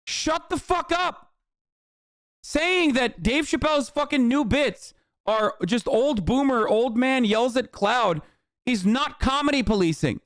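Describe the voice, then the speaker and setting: A male streamer rants at his audience in a high voice, swearing freely and punctuating points with "okay?". His tirades climb into yelling. The sound is dry and close, with no room around it. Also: lively intonation, unhurried, dry recording. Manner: profane, repetitive "okay?" tags. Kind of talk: ranting reaction stream.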